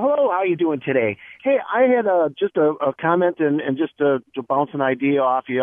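A man calling into a radio show, friendly and halting as he shares a story. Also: a little high, no echo. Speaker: caller. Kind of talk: phone-in comment. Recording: tinny phone line.

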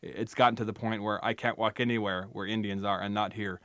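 A man's voice: on the low side, steady tone, fast talker, a bit bright, no echo, studio quality. Emphatic man telling wry stories. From United States. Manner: emphatic, wry, storytelling with restarts. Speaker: interview guest, writer. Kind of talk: animated conversational interview.

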